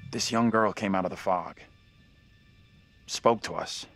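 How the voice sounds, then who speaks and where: A dazed, uneasy young man in a video game. His very low voice stays quiet and subdued. Faint music plays under it. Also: a little slow, no echo.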